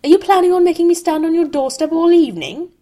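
A woman's voice: medium pitch, expressive, unhurried. A woman voicing a haughty, sneering young male wizard who talks in a snappish, disdainful way. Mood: snapping.

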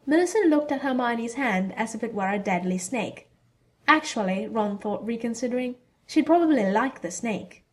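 A woman narrating a fan fiction story in a steady storytelling delivery. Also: on the high side, normal speed.

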